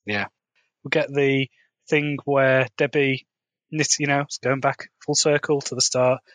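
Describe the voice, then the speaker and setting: Male co-host, casual recap chat, laughs often, mid pitch, dry close mic. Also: fairly even intonation, unhurried, a bit bright, no echo. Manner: laughs often, paraphrases dialogue loosely. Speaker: podcast co-host.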